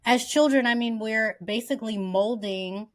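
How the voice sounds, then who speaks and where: A woman's voice: on the high side, normal speed. A woman hosting a podcast interview, asking curious questions in a supportive way. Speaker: podcast host. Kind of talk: casual interview chat.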